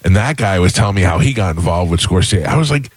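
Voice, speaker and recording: Host, male, deep and dry, chatty storyteller who acts out his quotes. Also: fast, breathy edge, no room sound. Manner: animated storyteller acting out quoted voices. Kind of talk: casual storytelling chat.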